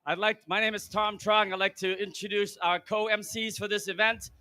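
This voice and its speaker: A man hosting a live conference from the stage, energetic and hyped, his voice slightly hoarse. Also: sits high, normal speed, no echo. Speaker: event host. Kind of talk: live event emcee talk.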